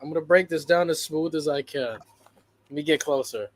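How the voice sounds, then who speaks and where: A man's voice: on the high side, moderate pace, slight background noise. A man co-hosting a wrestling podcast in casual chat, emphatic and theatrical, swearing freely. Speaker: podcast co-host.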